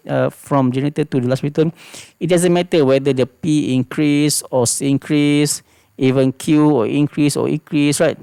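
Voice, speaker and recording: A man with a Malaysian English accent lectures on engineering in a recorded class, with a gravelly, creaky edge to his voice. He explains patiently, circles back to repeat key phrases and keeps checking in with "okay". The sound is dry and close, with no room echo. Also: mid-range voice, darkish tone.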